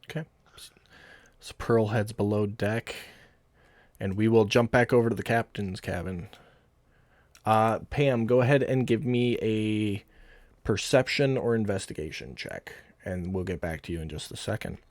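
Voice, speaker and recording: Low-voiced game master narrating. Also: male voice, unhurried, no echo. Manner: relaxed, rambling narration.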